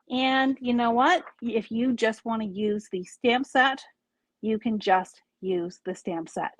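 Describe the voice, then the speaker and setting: A woman's voice: fairly high pitch, lively intonation, measured pace, dry recording. A woman hosting a casual live product showcase from a craft store, chatty and upbeat, with small asides as she lists items.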